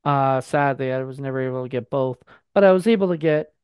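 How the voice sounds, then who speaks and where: A man's voice: mid-range voice, fairly quick, a little mellow, clean tone, no room sound. A man in casual chat, telling rambling anecdotes full of fillers and restarts.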